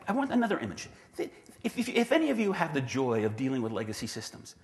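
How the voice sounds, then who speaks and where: A man giving a conference talk who acts out quoted voices and often restarts his sentences, on a clip-on mic. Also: medium pitch. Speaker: conference speaker. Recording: long reverb in a hall.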